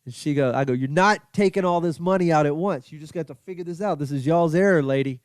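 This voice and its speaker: A man's voice: fairly high pitch, quick pace, clear, resonant tone, no echo. Middle-aged male comedian, dry booth sound, self-deprecating storyteller. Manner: rambling, self-deprecating, quoting his own yelling. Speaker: comedian podcast host. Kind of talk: casual storytelling monologue.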